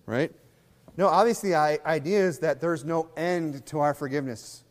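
A pastor delivering a conversational sermon, acting out little scenes in other voices. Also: male voice, a little high, moderate pace, in a large hall.

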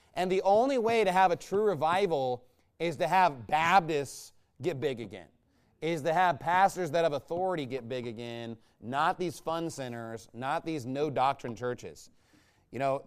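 Man, pastor, fiery sermon, high voice, mocking, combative. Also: clean tone. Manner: combative, mocking, swings from low muttering to loud outbursts.

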